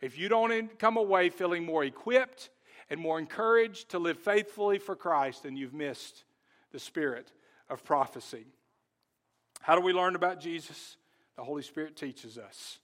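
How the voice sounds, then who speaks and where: A male pastor preaching a sermon in church. He speaks earnestly and directly, putting questions to the congregation and slowing down to stress key words. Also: on the high side, lively intonation, fairly bright tone. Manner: talks straight to the congregation with questions.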